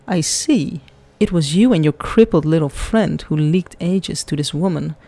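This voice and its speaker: Cold, formal wealthy patriarch, read by a woman; mellow, commanding delivery. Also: low-pitched, moderate pace, dry recording. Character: cold, stern wealthy older man.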